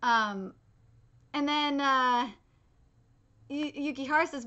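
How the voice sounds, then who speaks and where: A woman's voice: high voice, takes it slowly, long pauses, sharp tone. A woman in her twenties doing live anime reaction commentary, talking loosely with lots of swearing, fillers and restarts, and reading manga dialogue aloud between her comments.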